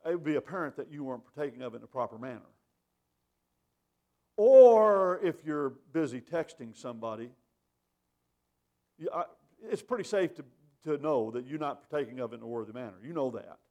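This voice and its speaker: A man's voice: mid-range voice, lively intonation, brisk, pauses often, warm tone. A man giving a plainspoken, earnest communion meditation, repeating his points for emphasis. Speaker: lay speaker at communion.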